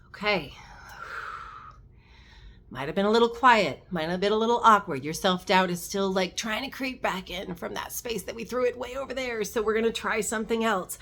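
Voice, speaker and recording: A woman leading a gentle guided meditation as a spiritual guide, coaxing and slow, counting down in a soft hush. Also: medium pitch, vocal fry.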